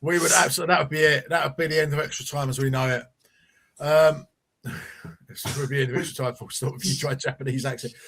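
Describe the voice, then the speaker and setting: A man's voice: mid-range voice, fairly even intonation, quick pace, a bit bright. A man hosting a casual football fan podcast, rambling and teasing his co-host.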